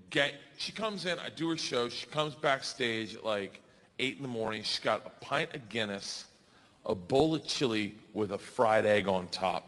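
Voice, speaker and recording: A man in his forties doing stand-up storytelling on a live stage, loud and profane, building to shouts. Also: mid-range voice. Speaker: stand-up comedian. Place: comedy stage before a crowd. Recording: live stage with audience noise.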